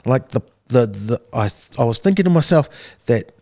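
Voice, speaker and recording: A man's voice: mid-range voice, lively intonation, normal speed, mellow. A middle-aged man with a New Zealand accent telling his life story as a podcast guest, casual and full of repeated words, restarts, and "bro" and "man".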